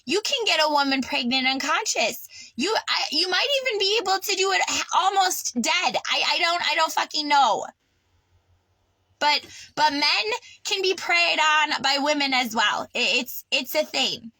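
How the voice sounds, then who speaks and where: A woman's voice: high-pitched, expressive, moderate pace, bright, forceful tone, no room sound, low-quality recording. A woman ranting in an unscripted personal vlog, agitated and swearing, with stammering restarts. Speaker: vlogger. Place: on her sailboat.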